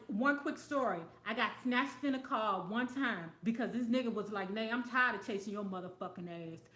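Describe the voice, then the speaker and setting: A high-pitched woman talks straight to her audience, swearing freely and laughing through her own stories. She is a show host answering viewer comments in a loose, lively monologue. Her voice rings off the walls of an echoey room. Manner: animated, profane, storytelling, quick to laugh. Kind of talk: casual talk show monologue.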